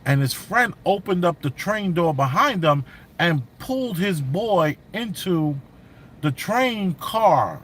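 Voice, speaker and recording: A man telling a story in casual commentary, animated and slangy, acting out what others said. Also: high-pitched, takes it slowly, slight background noise. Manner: animated, acts out quotes, slang.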